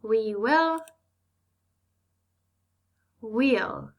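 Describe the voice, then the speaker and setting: A woman gives an English lesson for young children at a slow, deliberate pace. Her voice sits fairly high with a gravelly, creaky edge. She explains clearly and patiently and drops in playful asides. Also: a bit bright. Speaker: primary school teacher.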